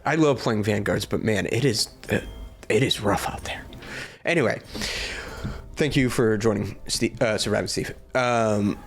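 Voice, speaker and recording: A man's voice: lowish voice, unhurried. A man narrating and hosting a live tabletop game as game master, laid-back and joking with his players. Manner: relaxed, joking, talks over the table.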